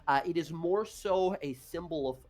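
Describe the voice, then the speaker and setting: A woman's voice: fairly low pitch, normal speed, soft background music. A woman narrating a tabletop game as game master, in a casual, chatty way full of fillers. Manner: casual, many fillers, lively.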